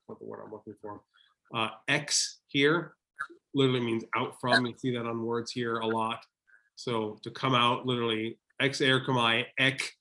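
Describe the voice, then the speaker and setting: A man's voice: mid-range voice, bright, forceful tone. A man co-hosting a casual Bible study chat, playfully thinking aloud as he works through Greek words. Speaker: podcast co-host.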